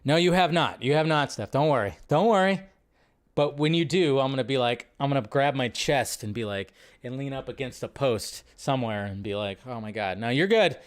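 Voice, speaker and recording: A man's voice: mid-range voice, brisk. A man hosting a live movie news stream, chatting casually in a rambling way and often repeating his phrases.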